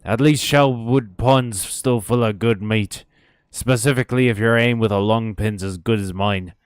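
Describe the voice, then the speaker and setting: Brief: hardy male bug fisherman, boastful, wandering rustic accent, low smooth tone, a man doing the voice. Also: steady tone, moderate pace, no echo, clean studio sound, natural voice.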